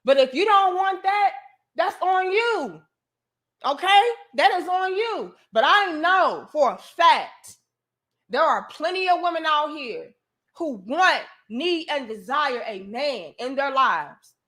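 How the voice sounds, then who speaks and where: A woman's voice: sits high, animated, slow pace, fairly bright tone. A woman hosting a livestream, delivering an emphatic, profane, preachy rant to her viewers. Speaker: livestream host.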